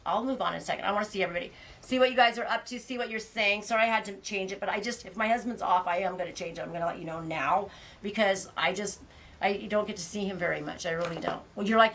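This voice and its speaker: A bright, clear-toned American woman hosts a relaxed live stream. She rambles from topic to topic, greets viewers one by one, and laughs easily. Her pitch sits in a typical middle range. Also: quick pace. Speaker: livestream host of a knitting and farm channel. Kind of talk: casual live-stream chat.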